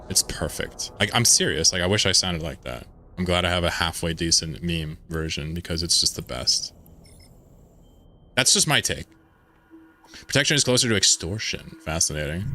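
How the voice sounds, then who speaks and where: A man's voice: low voice, sharp tone, slight background noise. A man from the American South chatting casually with viewers while streaming a game, rambling, offhand and profane. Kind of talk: casual live-stream chat over gameplay.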